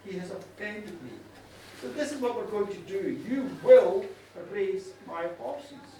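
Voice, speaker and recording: A proud, angry king who hands down threats slowly and with command, as a male storyteller puts him on. His pitch moves up and down a great deal. The sound carries a strong pub echo from a distance. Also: expressive, mellow, a little hiss or hum. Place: pub at a live show. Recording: echoey pub room from far off.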